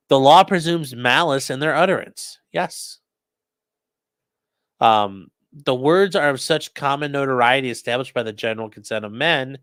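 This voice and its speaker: Bright, dry-voiced sarcastic male streamer. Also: mid-range voice, dry recording. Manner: sarcastic, bursts into shouted mock voices. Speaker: streamer reading live chat. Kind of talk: live-stream commentary.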